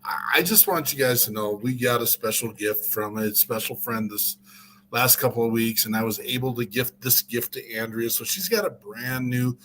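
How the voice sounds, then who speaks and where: A man's voice: mid-range voice, moderate pace, a bit bright, a little hiss or hum, low-quality recording. A man co-hosting a casual online debrief, talking in a dry, teasing way. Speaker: co-host. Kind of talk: casual chat.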